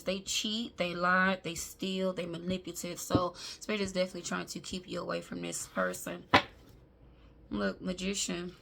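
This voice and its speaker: A woman's voice: lowish voice, a bit bright. A woman gives a chatty, emphatic tarot reading and talks straight to her viewers as y'all. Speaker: tarot reader. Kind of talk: casual tarot reading to camera. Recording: faint background noise.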